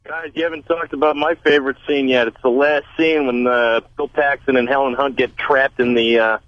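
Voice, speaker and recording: A man's voice: medium pitch, steady tone, moderate pace, no echo. A man calling in to a radio show, eagerly describing a scene over a phone line. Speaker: caller.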